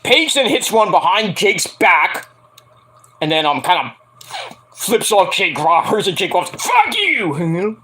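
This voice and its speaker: A man's voice: high-pitched, a little slow, slight background noise, rough recording. A man giving a casual, profane wrestling recap, acting out quotes with lots of ums. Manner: animated, acts out quotes, frequent ums. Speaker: wrestling reviewer.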